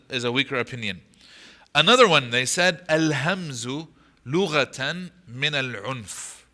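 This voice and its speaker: A man teaching a class on a Quran chapter in a mosque. He explains step by step, quizzes his listeners and slips into short Arabic recitations. His voice is very bright and sits at a middle pitch. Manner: explanatory, asks the audience rhetorical questions. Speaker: imam teaching Quran commentary. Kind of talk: lecture to an audience.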